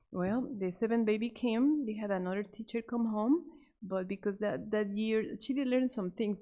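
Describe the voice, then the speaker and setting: A woman telling a missionary story to a church class, speaking off the cuff with fillers and restarts and voicing the characters' lines. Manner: animated, acts out the quoted characters with raised pitch; many fillers and restarts, unscripted. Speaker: Sabbath School storyteller.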